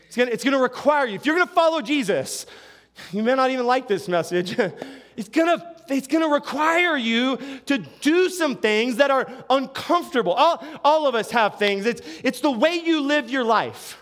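A middle-aged man with a notably high voice preaches a sermon. He talks conversationally, telling stories with asides, restarts and quick check-ins with his listeners. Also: a bit bright. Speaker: pastor.

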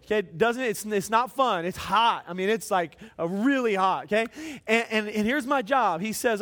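A man with a strikingly high-pitched voice preaches to a gathered audience. He tells a long comic story at his own expense. He often trips over his openings, repeating a word two or three times before the thought comes out. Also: moderate pace. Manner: animated, self-mocking, repeats words when starting a thought. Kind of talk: storytelling sermon to a live audience.

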